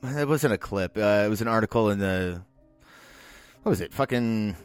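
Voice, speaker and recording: A man's voice: on the low side, moderate pace, smooth, soft background music. A man co-hosting a casual movie-review podcast, rambling and restarting, with casual swearing. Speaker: podcast co-host.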